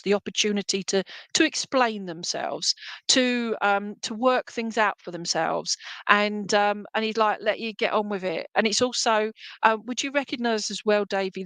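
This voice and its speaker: Lady medium, chatty and fond, lots of ums, mid pitch, dry close sound. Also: fairly bright tone, no room sound. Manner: chatty and affectionate, many fillers. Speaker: psychic medium. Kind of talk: live reading to viewers.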